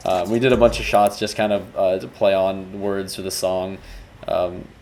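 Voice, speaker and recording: A man's voice: low-pitched, flat delivery, normal speed, darkish tone. A man, a music video director, talking loosely through a breakdown of his work and restarting his sentences as he goes. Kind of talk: casual video breakdown commentary.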